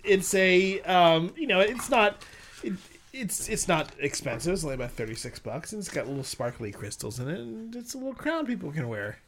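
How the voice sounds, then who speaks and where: A man's voice: high voice, big pitch swings, a little fast, a bit bright, slight background noise. A man co-hosting a casual chat show, talking hesitantly with lots of fillers. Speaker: podcast co-host. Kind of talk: casual banter with friends.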